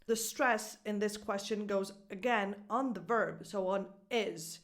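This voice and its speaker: A woman's voice: medium pitch, unhurried. Upbeat woman coaching pronunciation. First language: Italian. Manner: upbeat, clear teaching delivery with modeled example phrases. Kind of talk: online pronunciation lesson.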